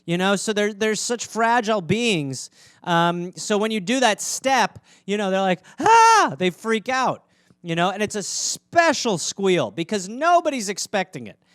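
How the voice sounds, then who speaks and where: High, smooth-voiced man rambling casually. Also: animated, a bit bright, no echo, clean studio sound. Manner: rambling, joking, does quick squeaky voices for pets. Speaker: podcast host. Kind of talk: casual solo podcast chat.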